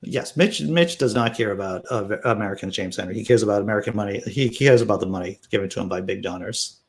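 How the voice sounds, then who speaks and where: This fast-talking man with a lowish voice runs a laid-back political commentary stream. He reads the news with sarcastic remarks and laughter, staying animated as he responds to chat.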